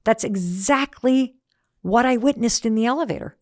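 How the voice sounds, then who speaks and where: A woman's voice: a little high, normal speed, a little mellow, no room sound, studio quality. A woman hosting a motivational talk, telling a story in an emphatic, conversational way. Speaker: host.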